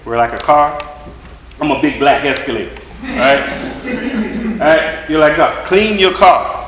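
A man preaching a sermon in a bright, forceful voice pitched a little high. He hammers his points home with repeated lines and rhetorical questions. The sound rings around an echoey room. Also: big pitch swings, unhurried, a little hiss or hum. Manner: emphatic, repetitive preaching cadence with rhetorical questions.

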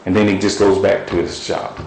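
Male preacher, lower voice, animated storyteller, roomy echo. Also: a little fast, gravelly, a little hiss or hum. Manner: storytelling, animated with sudden high shouts. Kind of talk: sermon.

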